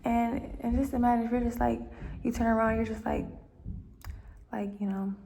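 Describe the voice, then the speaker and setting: A woman's voice: on the high side, flat delivery, normal speed, creaky, warm tone, slight background noise. A young woman talking at home in a casual, heartfelt monologue, rambling with many fillers and dropping into near-whispers. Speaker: vlogger giving life advice.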